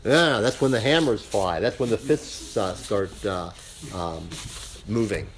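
A man leading a casual Bible study class, speaking haltingly with many filler sounds. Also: lowish voice, a little hiss or hum.

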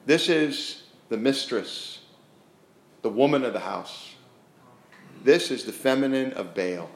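Guy preaching, gets really animated acting out the bible scenes, stumbles and restarts a lot, roomy echo. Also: mid-range voice. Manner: lively, acts out the scripture scenes, often restarts his sentences. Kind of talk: sermon with animated storytelling.

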